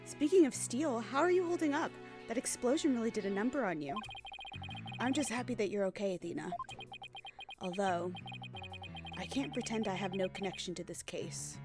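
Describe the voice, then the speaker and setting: A woman's voice: mid-range voice, animated, normal speed, loud music behind the voice, close to an everyday voice. A woman voicing a determined, loyal young female lawyer, speaking earnestly and upbeat.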